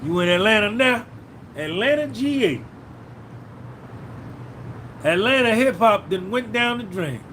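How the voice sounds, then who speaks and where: A man's voice: high-pitched, lively intonation, unhurried, pauses often, sharp tone, a little hiss or hum. A man hosting a podcast livestream, talking casually and profanely, reminiscing and reading out viewers' names. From New Jersey. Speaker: podcast host.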